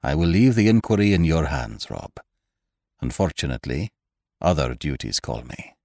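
A man's voice: a bass voice, animated, darkish tone, no echo, studio quality, exaggerated voice. A man voicing a stern, grave elderly doctor in an audiobook reading. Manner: grave, deliberate. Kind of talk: audiobook character voice.

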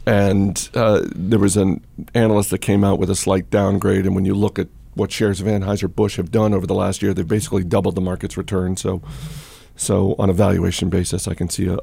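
A man's voice: low voice, vocal fry, dark tone, breathy edge, no room sound. A man hosting a podcast, telling stories and chatting casually about markets, with many fillers and restarts. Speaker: podcast host. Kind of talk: casual storytelling and market chat.

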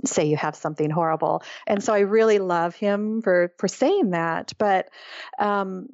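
A middle-aged woman, an author, is a guest in an interview and recounts her experience in an earnest, reflective way. Her medium-pitched, darkish voice moves at a moderate pace over a slightly dull, lo-fi line that sounds dry and close, with no echo.

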